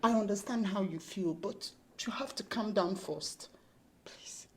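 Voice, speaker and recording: An actress playing a worried sister with a Nigerian English accent, pleading urgently and soothing in hushed tones. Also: female voice, medium pitch, a little slow, a little hiss or hum, lightly acted.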